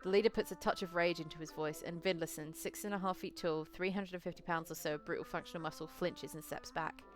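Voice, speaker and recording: A woman's voice: fairly low pitch, steady tone, fast, soft background music. A woman narrating a solo tabletop role-playing game in a casual second-person style, correcting herself as she goes.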